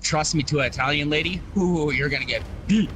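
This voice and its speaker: A man's voice: on the high side, fairly quick, background noise. A man chatting casually while gaming, telling rambling stories, swearing and laughing often. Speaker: game player. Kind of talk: casual gaming chat with storytelling.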